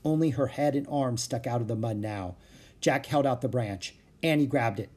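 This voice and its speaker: A man narrating a children's adventure audiobook with lively storytelling. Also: medium pitch, moderate pace, breathy edge.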